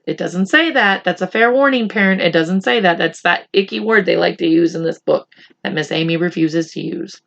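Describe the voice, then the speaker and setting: A woman reading a chapter book aloud for children in a gentle, teacherly way, talking to the boys and girls. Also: on the low side, moderate pace, gravelly, dull audio. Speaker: children's story reader. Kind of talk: read-aloud for kids.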